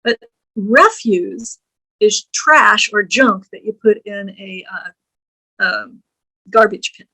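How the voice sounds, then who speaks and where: Slow-spoken woman lecturing on grammar. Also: medium pitch, steady tone, sharp tone, rough recording. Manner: slow, deliberate, spells words letter by letter. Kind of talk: recorded lecture.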